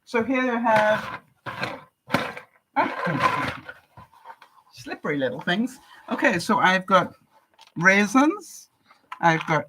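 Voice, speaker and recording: Older woman from canada, unhurried chatty vlogger, answers comments, relaxed. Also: mid-range voice, slight background noise, rough recording. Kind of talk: casual live-stream chat.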